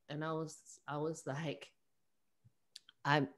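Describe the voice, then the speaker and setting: Low-voiced woman coach on a video call. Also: slow, pauses often. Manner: animated storyteller, acts out quoted clients. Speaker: holistic coach, guest. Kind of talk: conversational interview over video call.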